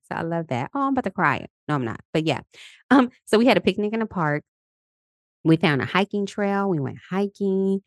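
A woman's voice: low voice, dry recording, clean studio sound. A woman in her thirties hosting a casual motivational podcast, chatty and upbeat, laughing often and leading affirmations. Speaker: podcast host. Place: Los Angeles.

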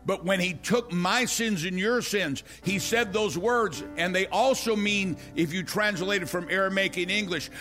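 A man's voice: sits high, normal speed, few pauses, sharp tone, faint music behind. An older man preaching an impassioned, emphatic sermon.

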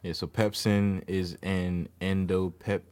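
An easygoing man hosting a podcast, with a very deep, low-pitched voice. He talks casually and fills gaps with little fillers. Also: little pitch movement, measured pace, a little mellow. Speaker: podcast host. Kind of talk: casual chat.

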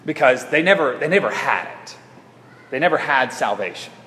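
Conversational preacher in an echoey hall. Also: male voice, medium pitch, expressive, pushed and bright. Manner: conversational, halting with restarts. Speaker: pastor. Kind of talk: sermon. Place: church sanctuary.

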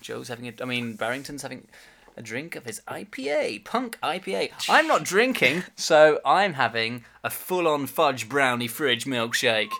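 A man's voice: mid-range voice, big pitch swings, normal speed, gravelly, sharp tone. A man co-hosting a comedy podcast in casual chat, giggly, playful and self-mocking. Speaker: co-host.

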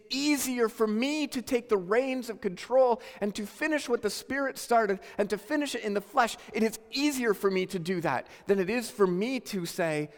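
A male pastor delivering a sermon in a church sanctuary, his fairly high voice carrying a long reverb tail through the hall. He preaches earnestly, sinking into soft, low asides and then climbing into emphatic calls to the congregation. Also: animated, unhurried.

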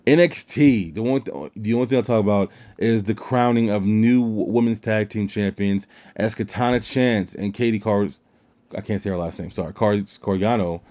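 Low mellow-voiced man, rambling podcast host. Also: normal speed. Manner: swears freely and rambles. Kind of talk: casual chat. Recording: dull lo-fi sound.

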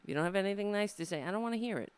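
A woman's voice: mid-range voice, lively intonation, racing, smooth. A woman comedian from hosting her own show, talking in a rambling, profane, sardonic way into a desk microphone. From Brooklyn, USA. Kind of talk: casual live-stream monologue.

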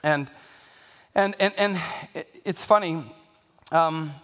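Joking middle-aged pastor in echoey hall. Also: male voice, a little high, a bit bright. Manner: self-deprecating, joking, halting with fillers. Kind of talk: sermon.

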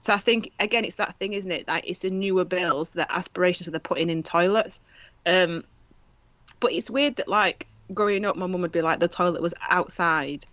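A woman's voice: lowish voice, brisk, a bit bright, no room sound, lo-fi sound. A woman, chatting casually and jokily as a podcast co-host, swearing now and then. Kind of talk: casual chat.

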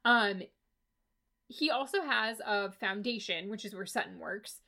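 A woman's voice: mid-range voice, unhurried, vocal fry, sharp tone. A woman co-hosting a podcast, recapping a book in casual chat with an exasperated, sarcastic and profane manner. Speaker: podcast co-host reviewing a book.

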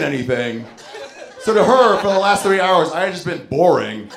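A man's voice: on the high side, normal speed, noisy background. A man telling a story on stage as a stand-up comedian, acting out the voices of the people in it. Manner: animated, acts out voices in his story. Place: comedy club stage with audience. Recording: echoey club with crowd laughter.

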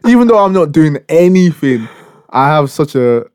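A man's voice: on the high side, big pitch swings, normal speed, a crowd in the background. A young man, co-hosting a casual podcast chat, joking in a mock-serious way. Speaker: podcast co-host. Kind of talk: casual banter.

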